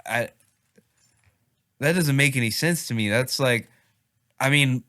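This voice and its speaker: A man's voice: medium pitch, measured pace, pushed and bright. A young man hosting a casual podcast in easygoing, laughing banter. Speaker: podcast host.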